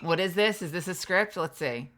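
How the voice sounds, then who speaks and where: Low-voiced, swearing woman streamer. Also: moderate pace, fairly bright tone, a little hiss or hum. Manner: loose, profane, jokey. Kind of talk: casual late-night chat.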